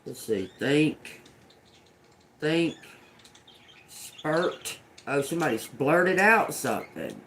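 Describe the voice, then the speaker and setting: A man's voice: mid-range voice, gravelly, background noise. A man doing a casual live oracle reading, profane and muttering word by word, breaking off to scold someone nearby. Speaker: livestream oracle reader.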